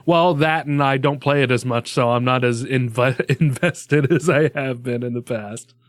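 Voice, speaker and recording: A man's voice: mid-range voice, measured pace, no room sound, studio quality. A laid-back man co-hosting a gaming podcast, chatting casually and swearing freely. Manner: laid-back, swears often, laughs easily. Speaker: podcast co-host. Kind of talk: casual chat.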